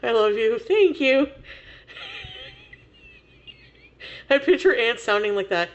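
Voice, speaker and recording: Woman streamer, unhurried casual chat, laughs a lot, curses freely, dull muffled sound. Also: a little high, lively intonation. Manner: laughs often, swears freely. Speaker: livestreamer.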